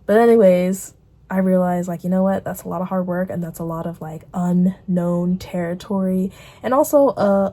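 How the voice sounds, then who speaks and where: Mellow-voiced woman rambling casually. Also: medium pitch. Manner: rambling, animated, quotes herself in put-on voices. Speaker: vlogger. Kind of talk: casual catch-up vlog.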